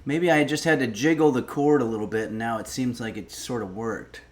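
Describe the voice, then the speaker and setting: A man's voice: mid-range voice, a little fast, darkish tone. A man hosting a casual cooking livestream, rambling and wry, swearing when irritated. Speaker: cooking stream host.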